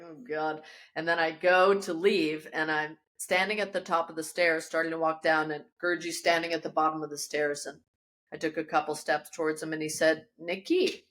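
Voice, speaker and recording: A woman yoga teacher, a podcast guest, telling a personal story in a lively, animated way with frequent restarts, recorded in her studio. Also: low-pitched. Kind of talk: casual storytelling interview.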